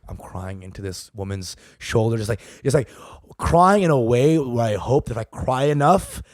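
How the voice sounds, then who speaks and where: A young man, a podcast co-host, telling a story in an animated, profane way and laughing as he goes. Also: medium pitch, normal speed, dry recording, studio quality. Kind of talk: comedic storytelling.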